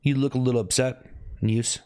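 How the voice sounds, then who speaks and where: A man talking casually on a live stream, thanking viewers by name and asking if he looks upset, with sudden high whoops. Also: steady tone, moderate pace, dark tone. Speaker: livestreamer.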